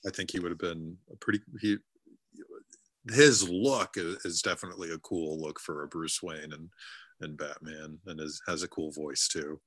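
A man co-hosting a casual chat, speaking haltingly with frequent uh fillers. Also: low-pitched, fairly even intonation, a bit bright, slightly rough, no room sound. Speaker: podcast co-host.

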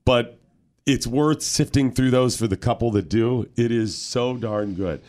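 A man's voice: medium pitch, unhurried. A man hosting a morning radio show, telling stories in casual banter and acting out the people he quotes. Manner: animated storytelling, acts out quotes.

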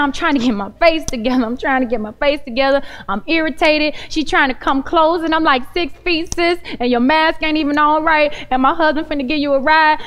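A young woman delivering a sermon as a lively story, with a high, bright voice. She keeps talking directly to the congregation, casual and animated. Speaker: preacher.

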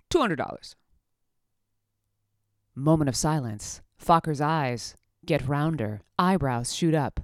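A woman's voice: deep voice, fairly bright tone, smooth, no echo, studio quality. A woman telling a workplace story in a casual, rambling way, full of fillers and wry asides.

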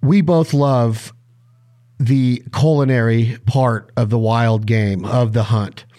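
A man hosting a casual interview, asking questions eagerly in quick bursts. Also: medium pitch, fairly even intonation, mellow. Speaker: podcast host.

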